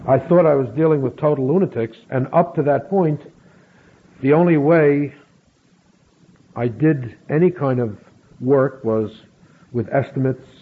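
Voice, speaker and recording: A middle-aged man slowly telling a personal story, acting out bits of dialogue. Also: mid-range voice, slightly rough. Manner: slow, measured storytelling with acted quotes. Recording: phone-like narrow sound with faint hiss.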